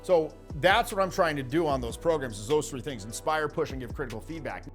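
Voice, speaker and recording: A man coaching social skills in a casual, animated way, with the odd swear and quick acted-out quotes. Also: a little high, soft background music. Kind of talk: casual spoken teaching.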